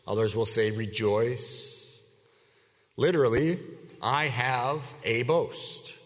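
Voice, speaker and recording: A man preaching an expository sermon to his congregation, measured and emphatic, leaning hard on key words. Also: mid-range voice. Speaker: pastor. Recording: long reverb of a hall.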